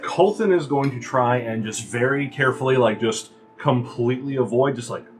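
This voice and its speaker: A man's voice: medium pitch, normal speed. Male player, casual, hesitant, lots of fillers, faint noise behind. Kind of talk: casual tabletop play.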